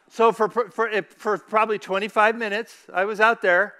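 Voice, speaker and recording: A man's voice: high voice, little pitch movement, moderate pace, bright, forceful tone, clean tone. A middle-aged man giving a casual sermon, chatty, asking the audience questions and reciting scripture. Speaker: church speaker.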